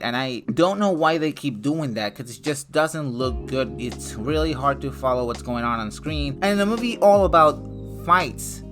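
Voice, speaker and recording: A young man talks through a movie review in a loose, rambling way, swearing freely and leaning on filler words. His voice sits a little high for a man. Soft guitar music plays faintly behind him. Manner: loose and profane, full of "like" fillers. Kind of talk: casual spoken review.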